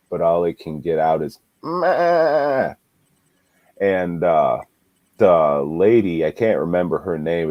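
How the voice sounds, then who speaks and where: Give me a relaxed man reviewing movies on a podcast, slow and unhurried, dry close sound. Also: low-pitched, no room sound, muffled recording. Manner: laid-back, swears a lot, laughs while retelling. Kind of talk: casual movie review chat.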